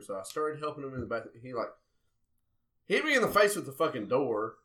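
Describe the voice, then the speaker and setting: A young man, a podcast guest about to marry, telling profane, animated stories in casual chat and quoting others in put-on voices. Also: mid-range voice, quick pace. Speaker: podcast guest, engaged groom.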